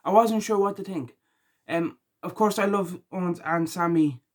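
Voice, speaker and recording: A tired man talking casually through his reactions, rambling with lots of ums and likes, and rising loud and high when he gets annoyed. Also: normal speed. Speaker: wrestling reaction vlogger. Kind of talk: casual spoken reaction vlog.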